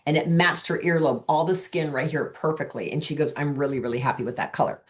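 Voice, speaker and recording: A woman's voice: sits low, fast. A middle-aged woman coaching sales consultants, telling stories and acting out the dialogue she quotes. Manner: chatty, acts out quoted dialogue. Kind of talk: coaching talk with anecdotes.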